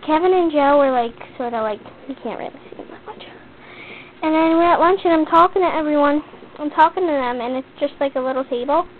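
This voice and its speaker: Teen girl vlogger, high voice, rambling and chatty, tinny phone-like audio with a faint hiss. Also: brisk. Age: teens. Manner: chatty, rambling, heavy use of "like". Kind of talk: casual rambling story.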